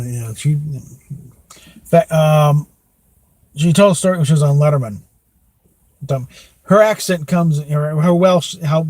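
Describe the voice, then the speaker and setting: A man's voice: a little high, darkish tone, no echo. A man, rambling through casual podcast chat, full of fillers and chuckles. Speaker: podcast host.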